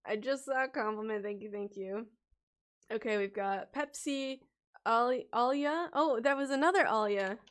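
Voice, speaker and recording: High-voiced giggly woman reading names. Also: normal speed, a bit bright. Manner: giggly, distracted, stumbles over names while scrolling chat. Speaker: livestream host and storytelling bard. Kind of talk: casual livestream chat, reading viewer names aloud.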